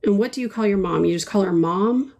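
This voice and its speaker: A woman's voice: mid-range voice, a little fast, creaky, a little mellow. A middle-aged woman giving a casual live painting tutorial, chatty and full of ums as she answers viewers' comments while she works. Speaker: painting instructor.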